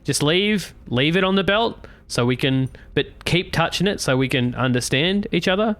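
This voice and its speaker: A man's voice: fairly high pitch, animated, moderate pace, a bit bright, no echo. Man, tabletop player, blunt, slangy, swearing, dry close sound. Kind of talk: casual in-character role-play.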